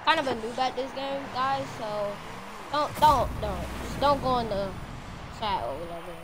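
A woman streaming a car football game live, commenting excitedly and shouting at her teammate. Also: fairly high pitch, normal speed, noisy background.

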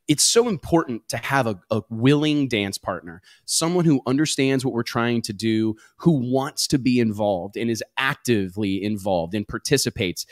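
A man hosts a casual talk show with easy, rambling energy. His voice sits at an ordinary middle pitch, recorded dry and close with no room sound. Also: dry recording. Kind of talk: casual podcast chat.

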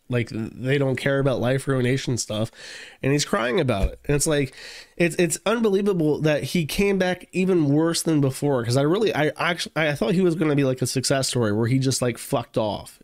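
A man's voice: medium pitch, no room sound, studio quality. A man hosting a livestream show, giving casual commentary at his computer desk in a rambling, profane way, full of fillers and restarts. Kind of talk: casual commentary reading out online posts.

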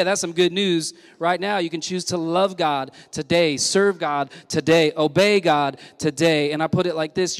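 A man's voice: sits high, fairly bright tone. A male senior pastor preaching a sermon with energy, punchy repetition and call-and-response with the congregation, recorded in a church sanctuary. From Southern California. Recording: long church hall reverb.

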